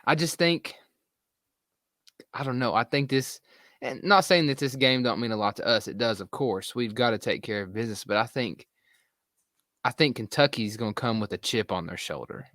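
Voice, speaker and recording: Male co-host, bright forceful tone, dry close mic, earnest and rambling. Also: mid-range voice, moderate pace, no room sound. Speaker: podcast co-host. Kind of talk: casual sports chat.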